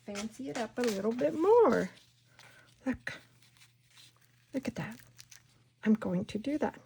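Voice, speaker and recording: A woman hosting a casual crafting tutorial at home, chatting and talking herself through each step, sometimes dropping to a soft whisper. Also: fairly high pitch, lively intonation, measured pace, gravelly, pauses often, slight background noise. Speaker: craft channel host.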